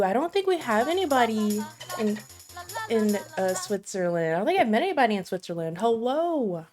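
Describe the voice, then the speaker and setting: Giggly, chatty American woman streamer. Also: fairly high pitch. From United States. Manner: bubbly, self-deprecating, laughs often. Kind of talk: casual live-stream chat.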